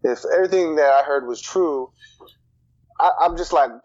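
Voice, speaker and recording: A man co-hosting a podcast in casual chat, joking and chiming in with quick reactions. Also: mid-range voice, expressive, a little mellow, dull audio. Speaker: podcast co-host.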